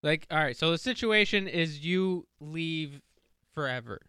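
A young man with a bright, clear voice trades teasing, matter-of-fact remarks with his co-host. His tone stays dry and unhurried. The mic is close, with a dry sound. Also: on the high side, animated, dry recording. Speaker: podcast co-host. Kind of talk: casual chat. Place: small home podcast studio.

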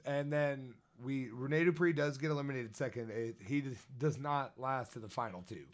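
A man's voice: mid-range voice, moderate pace. A man co-hosting a podcast, casual and profane, explaining at length. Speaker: podcast co-host.

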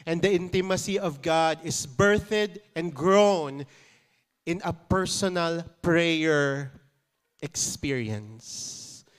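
Filipino-accented male pastor, conversational sermon, clean smooth voice. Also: fairly high pitch, slow pace. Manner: conversational, mixing in playful asides and chuckles.

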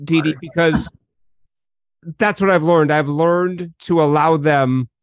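Calm, measured middle-aged male host. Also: a little high, no room sound. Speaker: podcast host. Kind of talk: reflective interview conversation.

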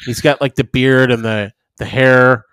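A man's voice: mid-range voice, fairly even intonation, a little slow, a bit bright, smooth, dry recording, clean studio sound. A man co-hosting a casual podcast, rambling through stories and swearing freely, acting out other people's lines. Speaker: podcast co-host. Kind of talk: casual chat.

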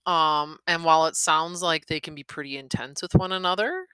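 A woman's voice: low-pitched, moderate pace, clear, resonant tone, no echo. A woman talking a book over with her child, thinking aloud about how the story builds tension. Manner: thoughtful, analytical, animated. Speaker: parent reading a novel with her child. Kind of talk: casual discussion of a story's craft.

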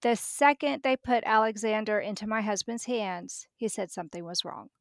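A woman's voice: mid-range voice, normal speed, creaky, no echo, studio quality. A middle-aged woman, a podcast guest, telling a personal story vividly and acting out the dialogue.

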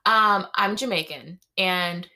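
A woman's voice: fairly low pitch, slow pace, sharp tone. A young woman from Massachusetts co-hosting a podcast, playful and joking in casual talk. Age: 20s. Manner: playful and joking, laughs often. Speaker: podcast co-host. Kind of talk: casual chat.

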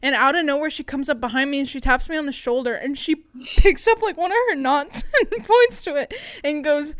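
A woman's voice: sits high, fairly quick, no room sound. Laughing young woman telling stories. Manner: laughing, swearing, storytelling. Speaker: podcast co-host. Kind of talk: casual chat.

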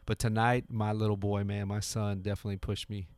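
This lowish, smooth, slightly mellow male voice keeps a level tone and moves a little fast, with no room sound. He's a thirty-something podcast host in his home garage, earnestly motivating listeners in a casual monologue full of restarts and repetition.

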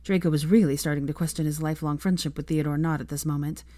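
Low-voiced woman reading fan fiction. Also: steady tone, quick pace, mellow, no echo, clean studio sound. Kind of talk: audiobook narration.

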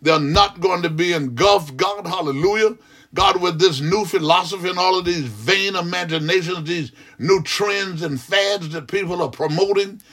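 A man's voice: high-pitched, moderate pace, fairly bright tone. A man praying aloud as a pastor, fervent and rhythmic, with frequent "hallelujah" interjections. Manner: repetitive, rhythmic preaching cadence. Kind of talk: extemporaneous prayer.

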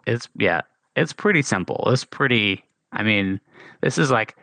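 A man with a lowish voice, recorded dry and close. He argues sports points in casual talk, pushing into emphatic bursts. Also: animated, unhurried, creaky, pushed and bright, dry recording. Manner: argumentative, rising to emphatic. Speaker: podcast co-host.

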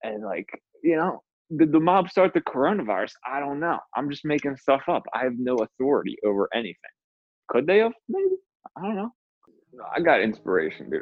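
A man's voice: mid-range voice, very animated, brisk, dry recording, soft background music. A man co-hosting a podcast in casual chat, laid-back and joking, saying "dude" a lot, on dull lo-fi audio. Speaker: podcast co-host.

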